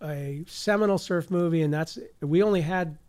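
A man's voice: on the high side, normal speed, a little mellow. Rambling easygoing male radio DJ. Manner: rambling, easygoing, full of asides. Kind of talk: casual radio chat. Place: community radio studio. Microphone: studio microphone.

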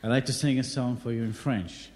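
Man in a put-on French accent, mellow. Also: medium pitch, steady tone, fairly quick, a little hiss or hum. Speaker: singer introducing a song. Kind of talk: stage introduction, comic.

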